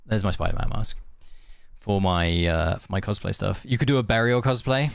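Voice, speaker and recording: There's vocal fry in this young man's lowish voice as he streams a game at a normal pace. He chats casually with viewers, thinking aloud and frequently restarting or filling gaps. The recording has no echo.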